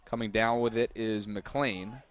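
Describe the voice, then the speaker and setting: A man doing live play-by-play commentary for a college soccer broadcast, steady between plays and rising to shouted calls on big moments. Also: on the low side, measured pace.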